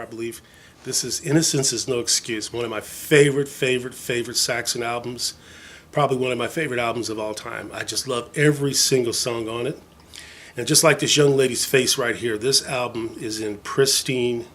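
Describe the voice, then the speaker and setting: A man's voice: mid-range voice, a little hiss or hum. A man casually showing off his record collection in a vlog, enthusiastic and rambling, full of fillers and jokey asides. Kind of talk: casual show-and-tell vlog.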